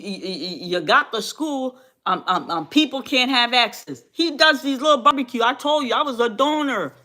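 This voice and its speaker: A woman's voice: mid-range voice, sharp tone. A woman hosting her own livestream, speaking in a fiery, repetitive way with lots of exclamations and remarks to her chat. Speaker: livestream host. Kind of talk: heated livestream rant.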